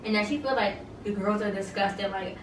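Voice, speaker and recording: A young woman reviewing reality TV recaps a show in casual chat, her mid-range voice fairly quick with a little hiss or hum. She's blunt, opinionated and uses many fillers. The sound is roomy, distant-miked, with faint ambience.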